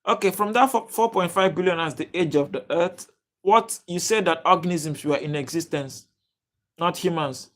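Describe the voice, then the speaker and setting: A young man hosts a casual livestream, reading out viewers' names and answering their comments as they come. His voice sits a little high for a man, and he talks haltingly, full of fillers and restarted sentences. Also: fairly bright tone. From Nigeria. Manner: halting, many fillers and restarts, addresses chat viewers by name. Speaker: livestream host.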